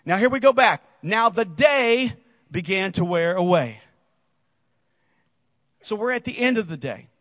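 Man, pastor, high voice, casual sermon, animated storytelling, dull dry recording. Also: measured pace, long pauses, no room sound. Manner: animated storytelling with repeated restarts.

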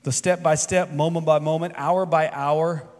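A man preaching a sermon with a fairly high voice, carried by a long hall reverb. He rises to loud, emphatic peaks and then drops to quiet, soft asides. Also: steady tone, normal speed. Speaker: pastor.

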